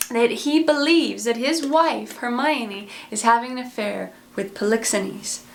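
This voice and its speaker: A woman casually retelling a play's plot in a lively, plain-spoken way. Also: fairly high pitch, unhurried, vocal fry, a little hiss or hum. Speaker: storyteller.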